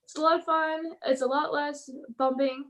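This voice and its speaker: A woman pro wrestler in a casual interview, telling stories in an animated way, acting out quotes and laughing often. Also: sits high, normal speed.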